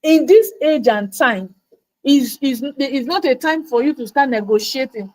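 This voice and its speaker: A woman gives an emphatic motivational talk coaching her listeners, in a high, slightly mellow voice at a measured pace. She repeats words for emphasis and voices her audience's doubts as quoted asides. The recording is rough, made on a livestream mic.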